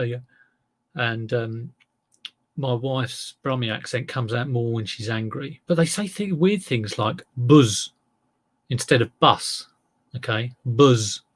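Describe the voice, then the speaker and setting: In his vlog, a man from England who resells online talks casually in a husky, medium-pitched voice. He wanders off topic, rambles, and is self-deprecating.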